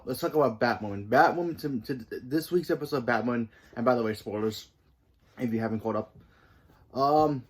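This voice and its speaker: A man hosts his own show and rambles through a casual review of a TV episode. He has a mid-range voice and fills his talk with "you know." His pitch and volume jump up sharply when he stresses a point. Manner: rambling, many fillers and restarts; emphatic jumps in pitch and volume. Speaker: host of a TV review channel.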